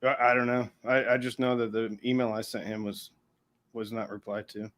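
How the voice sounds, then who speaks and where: A man's voice: fairly low pitch, flat delivery, moderate pace, fairly bright tone. A man chatting as a guest on a livestream, laid-back and cracking dry jokes into a studio microphone. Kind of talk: casual chat.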